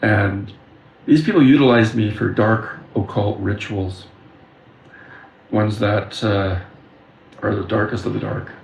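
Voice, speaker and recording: A man's voice: fairly low pitch, gravelly. A man from the Windsor and Detroit area telling personal stories in an earnest, intense monologue. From Windsor, Ontario and Detroit area. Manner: earnest, intense, storytelling with filler pauses. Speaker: video creator talking about his spiritual experiences. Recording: echoey room with faint background noise.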